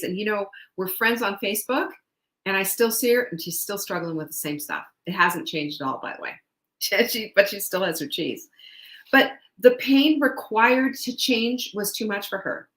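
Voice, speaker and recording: Woman host, nutrition coach, casual pep talk, emphatic and chatty, mid-pitched voice, roomy echo. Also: fairly bright tone. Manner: chatty, emphatic, laughs between points.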